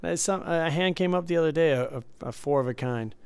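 Gravelly rambling man. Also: fairly high pitch, fairly quick, darkish tone, no room sound. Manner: rambling, self-correcting. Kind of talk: casual chat.

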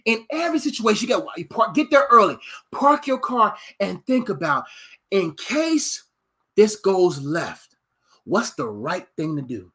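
A man's voice: sits high, a little slow, slightly rough. A male preacher who swings his voice up and down as he tells funny, slangy stories from the pulpit. He talks to the crowd like friends, jumping between teaching and tall tales. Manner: animated, humorous storytelling, conversational slang. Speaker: preacher and coach. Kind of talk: sermon.

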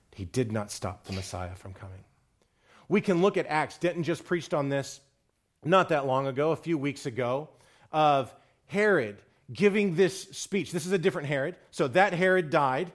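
A man preaching a sermon on a psalm, quoting scripture and retelling stories, climbing higher and louder on key points and dropping quiet for solemn ones. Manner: rises in pitch and volume when stressing points, drops low and quiet for solemn lines.

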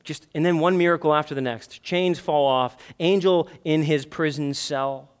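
High-voiced, animated male preacher. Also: normal speed, smooth. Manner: animated, acts out prayers in a pleading raised voice. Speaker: pastor. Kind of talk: sermon. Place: church sanctuary.

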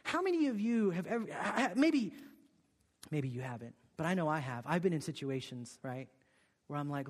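A man preaching a sermon, telling a personal story with many "okay?" and "right?" asides, dropping to a hush and then rising with emphasis. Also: fairly high pitch, sing-song, normal speed, in a large hall. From Korea. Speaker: pastor.

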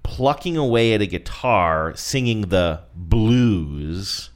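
Low-voiced man co-hosting a chat. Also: expressive, takes it slowly. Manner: joking, describes scenes. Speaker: podcast co-host. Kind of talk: casual chat reviewing ads.

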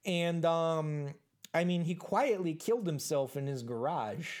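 A performer playing a rambling baby-boomer man in his seventies at an awkward interview, talking haltingly with lots of fillers. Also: darkish tone, natural voice. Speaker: interview guest. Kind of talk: improvised comedy interview.

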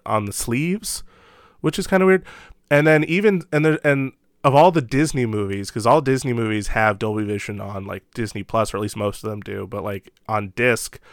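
Laughing, rambling male podcast host, smooth voice. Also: lowish voice, a bit bright, no echo, studio quality. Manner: laughs often, rambling with restarts. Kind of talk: casual chat.

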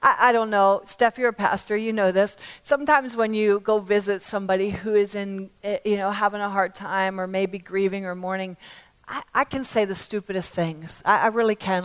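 A woman preacher delivering a sermon to a congregation, emphatic and repetitive, swinging from loud appeals to hushed words. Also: medium pitch, fairly even intonation, moderate pace, smooth, poor audio. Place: church service.

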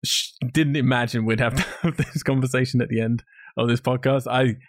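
A man's voice: mid-range voice, steady tone, fairly quick, dry recording, studio quality. A man co-hosting a podcast, ranting bluntly about a film and swearing in casual chat. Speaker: podcast co-host.

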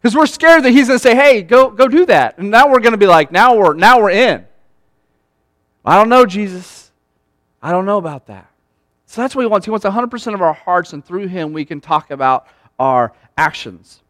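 A man preaching a sermon as pastor in a conversational, animated way, often acting out quoted lines. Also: high voice, brisk, dry recording.

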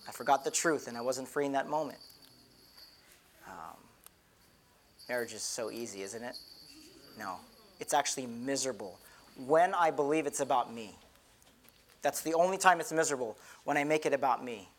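A man's voice: mid-range voice, expressive, normal speed, pauses often, a little hiss or hum. A middle-aged man, a pastor, giving an earnest, conversational sermon with many repeated restarts.

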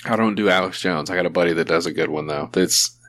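Low-voiced man in crude podcast banter. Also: quick pace, a bit bright, no echo. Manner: crude, joking, slips into impression voices. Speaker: podcast co-host. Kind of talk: casual podcast chat.

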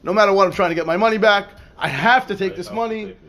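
High-voiced rabbi teaching a Talmud class. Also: male voice, quick pace, background noise. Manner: repeats words and restarts, asks "right?" often. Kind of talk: lively Torah class, reading Hebrew text and explaining.

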